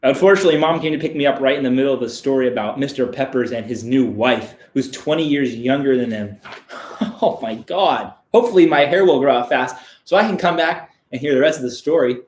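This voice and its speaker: A man giving a deadpan, mock-serious reading of a children's book on a live stream, breaking off for crude asides. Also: medium pitch, fairly quick, roomy sound.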